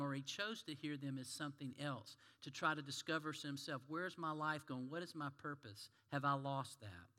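Bright-voiced pastor in a reverberant church. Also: male voice, fairly high pitch. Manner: storytelling, asks the congregation questions. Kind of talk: sermon. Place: church sanctuary. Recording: long hall reverb.

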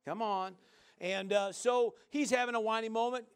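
A man preaching a sermon in a folksy, joking way, often asking the listeners "right?" and swinging from loud to soft. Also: high voice, steady tone, normal speed, smooth.

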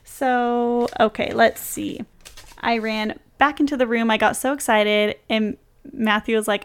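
Bubbly young woman, clear voice. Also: on the high side, unhurried. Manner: bubbly, laughs often, excited retelling. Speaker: vlogger. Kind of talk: casual storytelling. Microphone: close mic, reading from a journal.

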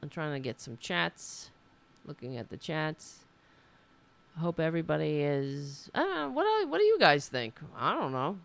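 A woman's voice: sits low, sing-song, measured pace, gravelly. A woman hosting a casual political livestream, talking in a rambling, indignant way with frequent restarts. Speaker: livestream host.

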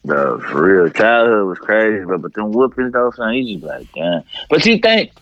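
A man chatting casually, joking loudly and acting out voices. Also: lowish voice, big pitch swings, normal speed, dry recording, dull audio. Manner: loud, joking, acts out voices. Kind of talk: casual podcast chat.

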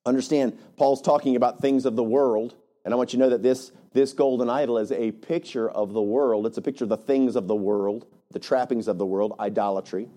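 Pastor, man, chatty and animated delivery, warm-toned, leans on "right?". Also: medium pitch, a little fast, few pauses. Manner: animated, conversational, frequent "right?". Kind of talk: sermon.

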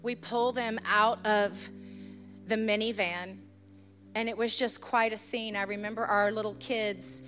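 A middle-aged woman pastor telling a story in a sermon, earnest and urgent, turning quiet and intense as she leads a prayer. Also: medium pitch, fairly even intonation, unhurried, soft background music.

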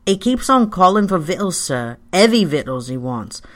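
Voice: medium pitch, sing-song, normal speed, lightly acted. A reader doing a fretful, humble serving woman. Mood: worried.

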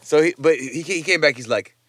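A man who is a chef chats as a guest in a casual interview. His voice is bright and close, and the room sounds dry and dead. He tells stories loosely, with plenty of slang and profanity. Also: fairly high pitch, brisk, dry recording.

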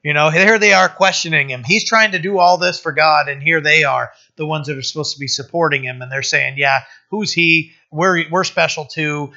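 A man's voice: fairly high pitch, a little fast, hardly any pauses, bright, forceful tone. A man pastor teaching a Bible passage in a casual, conversational way, with many fillers and restarts. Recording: dull lo-fi recording.

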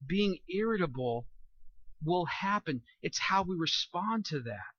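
Bright, high-voiced man preaching a sermon. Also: a little slow, dry recording, dull audio. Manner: animated, jokey preaching with acted-out asides. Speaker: pastor.

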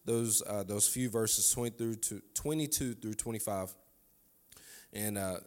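A man's voice: lowish voice, measured pace. A man preaching a sermon, repeating his lines for emphasis and calling on the congregation to answer back. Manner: fervent call-and-response preaching, repeats phrases.

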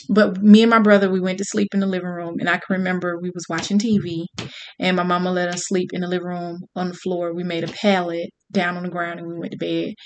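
Woman storyteller, candid and profane, talks straight to the crowd with lively drive. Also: fairly low pitch. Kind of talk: personal storytelling to an audience.

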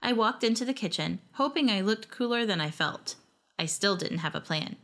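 Narrator: woman, first-person audio story, wry lively delivery. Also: medium pitch, moderate pace.

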